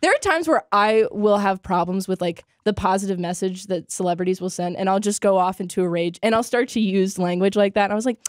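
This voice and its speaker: A woman's voice: mid-range voice, a little fast, few pauses, no room sound, clean studio sound. A young woman co-hosting a casual podcast, chatting and giggling as she recaps jokes. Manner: giggly, quotes lines in put-on voices. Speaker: podcast co-host. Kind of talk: casual chat.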